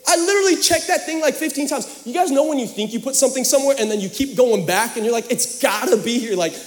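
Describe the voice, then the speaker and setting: Animated high-voiced young preacher. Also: male voice, quick pace, long reverb tail. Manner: animated, joking storyteller. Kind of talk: sermon. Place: church hall.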